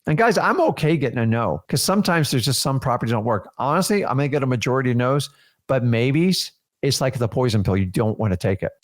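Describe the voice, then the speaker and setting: Male coach, 40s, live training talk, energetic and emphatic, mid-range voice. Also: medium pitch. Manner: energetic, emphatic, acts out seller dialogues. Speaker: real estate wholesaling coach.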